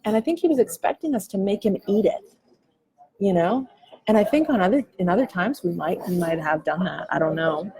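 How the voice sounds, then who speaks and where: A woman's voice: medium pitch, lively intonation, fairly quick, a little mellow, poor audio. A woman in her forties talking candidly in a coffee shop, musing loosely and swearing casually as a podcast host. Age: 40s. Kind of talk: candid reflective chat.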